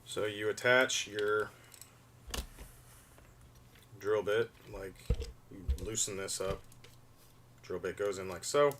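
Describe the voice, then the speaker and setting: A man's voice: lowish voice, takes it slowly, long pauses, fairly bright tone, slight background noise. Rambling man streaming from a distance. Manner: rambling, chatty, explains hands-on steps. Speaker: livestream host doing figure repair. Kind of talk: casual livestream chat. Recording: voice a bit far from the mic.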